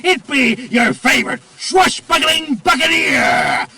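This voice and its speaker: A man voicing a boisterous male pirate fox animatronic, shouting pirate slang with a gravelly rasp. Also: very high-pitched, wildly swooping pitch, slow, exaggerated voice, low-quality recording. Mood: boastful showman. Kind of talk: cartoon voice acting.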